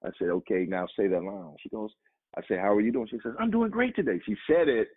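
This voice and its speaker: A man's voice: fast talker, breathy edge. A man, an actor, telling personal stories in conversation and acting out the voices of the people in them. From Chicago. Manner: animated, acts out quoted voices with sudden pitch jumps. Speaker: actor and guest. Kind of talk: storytelling in conversation. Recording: dry, narrow phone-like sound.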